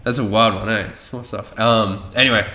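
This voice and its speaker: A man's voice: fairly low pitch, steady tone, normal speed, pushed and bright, roomy sound. A man telling a rambling story in casual chat, swearing freely and loose with his facts.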